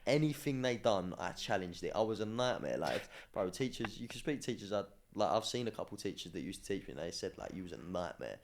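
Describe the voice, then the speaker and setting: Young adult male, slightly low pitch, animated slangy storyteller, casual podcast chat. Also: quick pace, creaky, few pauses, slight background noise. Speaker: podcast guest, former academy footballer.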